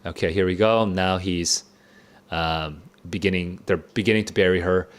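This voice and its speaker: A man streaming a casual live reaction to a play, halting and excitable, laughing often as he talks it through. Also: low voice. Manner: casual slangy commentary. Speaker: book club streamer.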